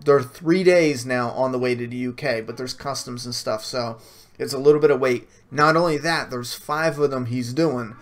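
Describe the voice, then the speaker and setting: A man with a mid-range voice and normal pace answers viewer questions during a casual Q&A livestream. He's blunt, swears freely, and often restarts his sentences.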